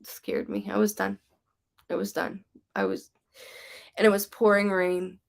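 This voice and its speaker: A woman's voice: medium pitch, level tone, a little slow, creaky. A woman psychic medium giving casual live-stream readings, chatty and rambling with lots of "like" and "um", passing spirit messages on to viewers.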